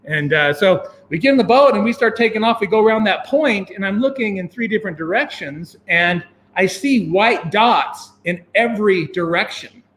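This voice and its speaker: A man telling a long personal story as an interview guest, animated and full of fillers and chuckles. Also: sits high, moderate pace. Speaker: guest, venture capitalist. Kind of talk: casual anecdote telling.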